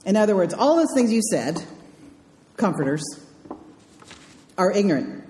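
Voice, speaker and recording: Woman pastor preaching, mellow low-key tone, dry jokes, big roomy hall echo. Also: expressive, unhurried. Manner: wry, dryly humorous asides. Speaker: minister. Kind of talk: conversational sermon. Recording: echoey hall sound.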